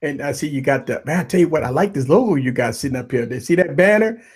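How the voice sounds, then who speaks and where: Male tech livestream host, husky, upbeat and repetitive. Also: on the high side, quick pace. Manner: hype, repetitive shout-outs, animated. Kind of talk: casual livestream chat.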